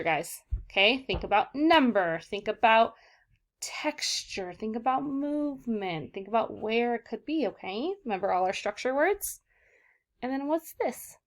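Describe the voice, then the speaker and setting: A young woman teacher giving an online vocabulary lesson to children, encouraging and patient, often checking in with "okay, guys?". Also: fairly high pitch. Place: southern California.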